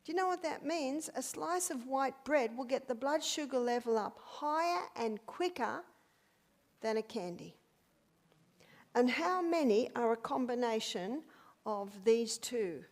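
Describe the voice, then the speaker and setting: An older woman lecturing an audience on health. Her voice sits a little high, and she leans hard on rhetorical questions with lively swings in pitch. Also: measured pace.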